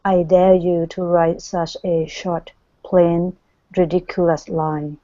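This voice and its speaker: A woman student reads aloud in class, slowly and haltingly, and trips over longer words. Her voice is low, flat and mellow. The recording is dry and dull. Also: no room sound.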